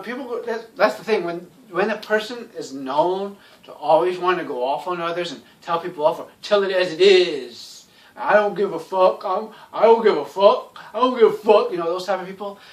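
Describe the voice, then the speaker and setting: A man talks in a loose, rambling monologue, blunt and sarcastic, leaning on fillers as he goes. His voice sits on the higher side for a man. He sounds set back a little from the microphone. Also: distant mic. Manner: rambling, heavy on "you know" fillers. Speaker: YouTube commentator.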